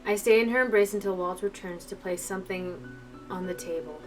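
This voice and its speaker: A woman's voice: medium pitch, fairly quick. A woman streamer reading a visual novel aloud, breaking off into emotional, chatty asides to her viewers, from a distant mic with faint music behind.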